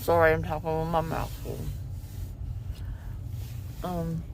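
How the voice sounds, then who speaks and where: A low-pitched woman talks slowly in a relaxed, rambling vlog. She chats casually and leans on filler words. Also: noisy background. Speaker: vlogger. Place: parked car in a parking deck; at home in a recliner.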